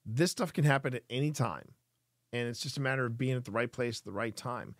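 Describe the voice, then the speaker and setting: Man, mid-pitched, hosting a casual live stream, earnest and chatty, dry close sound. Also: a little fast, no room sound. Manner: earnest, explaining at length to chat.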